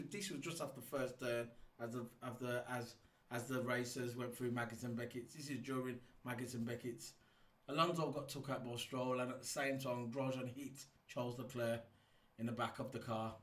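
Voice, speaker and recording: A man giving a casual, rambling race review, excitable and full of ums and restarts. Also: mid-range voice, recorded from a distance. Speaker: F1 YouTube reviewer. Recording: echoey room, set back from the mic.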